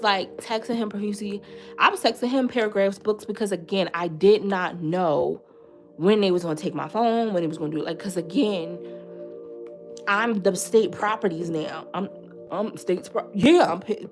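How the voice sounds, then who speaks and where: A young woman vlogger telling a personal story in a casual storytime style, animated, with sudden loud outbursts, quiet asides and swearing. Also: mid-range voice.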